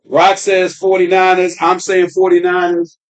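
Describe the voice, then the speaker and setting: A man's voice: high voice, monotone, measured pace. Laid-back man hosting from far off. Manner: laid-back, teasing, calls out picks. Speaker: host. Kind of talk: casual sports chat. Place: restaurant and bar.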